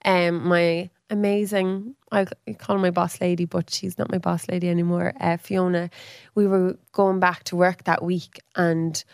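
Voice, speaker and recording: A woman in an easy, chatty storytelling manner. Her voice sits on the lower side, recorded close and dry. She acts out quoted speech, leaping up in pitch for other people's lines. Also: level tone, normal speed, clean tone, no echo. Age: 30s. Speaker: podcast guest. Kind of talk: casual storytelling.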